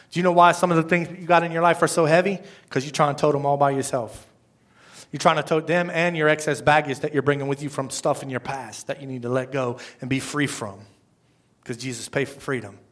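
A man preaching a sermon, with lively, conversational rhetorical questions and slow, measured scripture readings. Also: on the high side. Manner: slows to a measured pace when reading scripture. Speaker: pastor.

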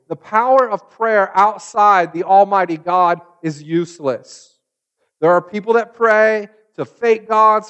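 High-voiced male preacher. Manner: builds to loud mocking retellings, then drops to a hushed close. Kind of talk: sermon.

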